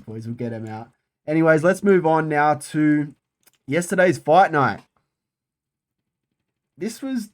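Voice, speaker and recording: A man hosting his own fight-sports channel, talking casually and excitedly, swearing often and repeating phrases for emphasis. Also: fairly high pitch. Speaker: MMA channel host. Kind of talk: casual solo commentary.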